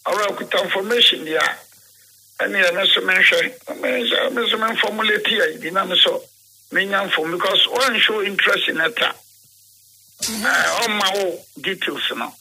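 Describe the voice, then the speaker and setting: A Ghanaian man with a very bright, slightly husky voice tells a long, rambling account in an interview. He mixes English and Twi and slips into the voices of the people he quotes. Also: high-pitched, normal speed, low-quality recording. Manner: rambling, switches between English and Twi, acts out quoted dialogue.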